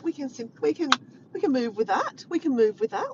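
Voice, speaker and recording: Aussie woman chatting to her stream on a phone, repeats herself, all over the place pitch-wise. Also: sing-song, a little fast, lo-fi sound, very noisy. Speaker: vlogger live-streaming. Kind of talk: casual live-stream chat to viewers. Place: outdoors, driving to and walking at a beach. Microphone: phone held in hand.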